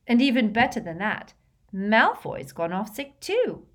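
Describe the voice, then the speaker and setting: A cheerful teenage witch who rattles off gossip in a bright, raised voice, as a woman reader puts her on. She sounds brisk and pleased in a storybook telling. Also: fairly high pitch, very animated, pitched above the performer's own voice. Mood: gleeful.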